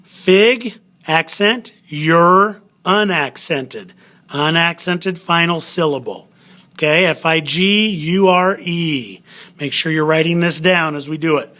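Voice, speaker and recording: A man's voice: on the high side, unhurried, sharp tone. A man teaching a recorded spelling lesson, patiently sounding out syllables and spelling words letter by letter.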